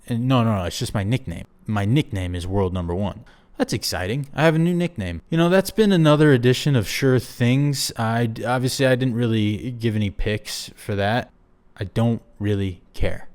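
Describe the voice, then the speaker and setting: A man's voice: fairly low pitch, lively intonation, moderate pace, a little mellow. A man hosting his own show, musing aloud in a rambling, self-deprecating solo monologue. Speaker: show host.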